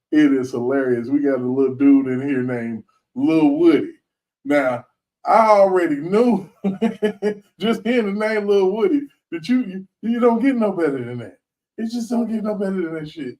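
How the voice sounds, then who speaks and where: A man hosts a loose commentary chat, slangy and emphatic, breaking into laughter often. His voice sits a little high, and he sounds somewhat distant from the mic. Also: darkish tone. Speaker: host.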